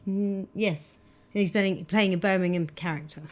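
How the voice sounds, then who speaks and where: A woman's voice: mid-range voice, fairly even intonation, a little slow. A woman with an English accent co-hosting a comic chat show, dry and amused, correcting her partner. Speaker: co-host.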